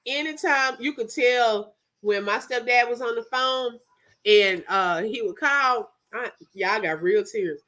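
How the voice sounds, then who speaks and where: This is a female livestream host with a slightly high voice who talks at a slow pace. In a casual live chat, she recounts a story with animation, laughs often, and speaks to her chat.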